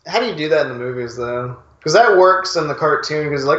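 A man co-hosting a podcast, chatting casually in a rambling, halting way while he plays a video game. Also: on the high side, expressive, fairly bright tone. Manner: rambling, halting restarts, chuckles while storytelling. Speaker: podcast co-host. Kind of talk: casual chat. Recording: echoey room, dull lo-fi sound. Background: video game playing in background.

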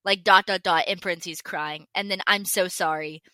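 A woman's voice: on the low side, fairly even intonation, moderate pace, bright, forceful tone. A woman co-hosting a casual podcast, reading online comments aloud between giggles. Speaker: podcast co-host. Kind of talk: casual chat.

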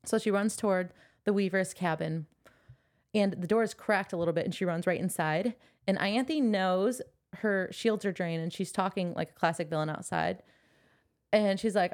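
A woman's voice: mid-range voice, moderate pace. Chatty young woman recapping a book. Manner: chatty retelling, laughing, playful swearing. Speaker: podcast co-host. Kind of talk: casual book discussion podcast.

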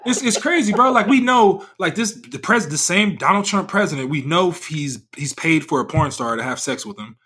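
A man talking casually with a friend, his voice high and swinging widely in pitch. The tone is bright with a slightly husky edge, and he rambles loosely through his points. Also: moderate pace, few pauses. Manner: rambling, animated, heavy use of "like" and "bro". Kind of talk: casual chat.

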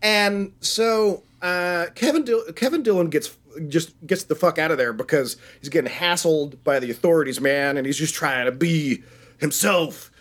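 A man in his thirties co-hosting a casual podcast chat, retelling a film in a rambling, profane, animated way. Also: on the high side, moderate pace. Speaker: podcast co-host.

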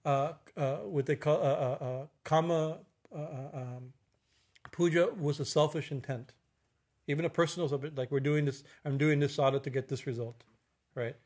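A middle-aged man with a somewhat high, steady, slightly mellow voice offers an informal religious talk as a spiritual teacher. He restarts frequently, uses lots of fillers, and regularly asks "right?".

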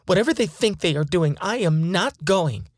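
A woman's voice: on the low side, lively intonation, moderate pace, no room sound, studio quality. A woman playing a frightened woman taken by aliens, her fearful pleading turning into angry defiance. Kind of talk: dramatized first-person account.

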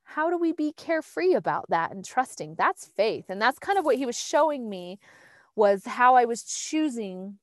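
A woman's voice: a little high, big pitch swings, moderate pace, no room sound. A woman talking in a casual heartfelt chat, earnest and reflective, meandering and restarting as she goes.

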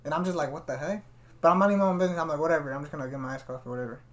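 In a fairly high, slightly bright voice, a podcast host races through his stories. The conversation stays casual and laid-back, packed with slang and his habit of repeating "fool."

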